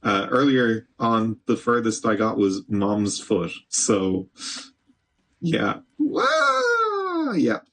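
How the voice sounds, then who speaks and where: A man's voice: lowish voice, fairly even intonation, takes it slowly. A man streaming gameplay, chatting casually and talking back to the game, with an occasional swear. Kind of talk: live gameplay commentary.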